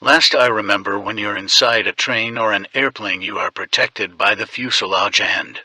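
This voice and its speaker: A man's voice: on the low side, normal speed, pushed and bright, slightly rough, no echo, low-quality recording. A man reading a sneering scripted voice-over.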